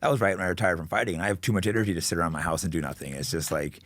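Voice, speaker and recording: A man, a retired fighter, hosting a casual podcast chat, blunt and quick to swear. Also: sits low, a bit bright, dry recording, clean studio sound. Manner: blunt, agreeing, swears freely. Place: podcast studio.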